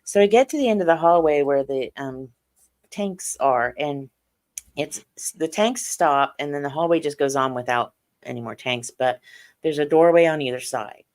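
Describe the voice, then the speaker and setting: Slow, halting middle-aged woman recounting. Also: rumbling low, darkish tone. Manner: slow, halting recounting with many fillers and restarts. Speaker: guest. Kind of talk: personal storytelling in an interview.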